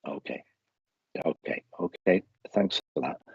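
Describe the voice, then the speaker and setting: A man giving a live mediumship reading, chatty and halting, often restarting sentences as he passes on messages. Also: low-pitched, husky, no echo, dull audio. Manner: chatty, laughing, stumbling restarts, relays spirit messages.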